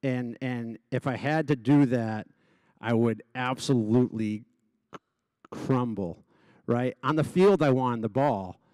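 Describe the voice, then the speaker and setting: A man with a noticeable stutter tells his story to an audience, repeating sounds and restarting words as he goes. His voice sits in a middle pitch. It sounds dry and close to the mic. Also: takes it slowly, darkish tone, no echo. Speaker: gala honoree giving a speech. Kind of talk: personal speech to a live audience.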